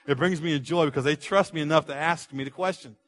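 A man with a slightly high-pitched voice preaches a sermon in a lively, rhythmic way. He leans on repeated phrases and raises his voice to act out quoted speech. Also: fast. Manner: animated preaching, acts out quotes with rising volume. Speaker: pastor.

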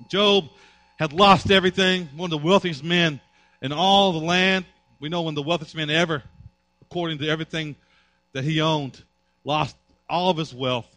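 Brief: male pastor preaching, high-pitched, forceful, dry close sound. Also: normal speed, pauses often, no room sound. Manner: emphatic, repetitive preaching. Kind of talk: sermon.

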